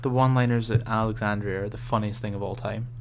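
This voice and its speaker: Young man telling a story, lively. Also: lowish voice, quick pace, gravelly, slight background noise. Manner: animated storytelling, laughs often. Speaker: podcast co-host. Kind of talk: casual chat.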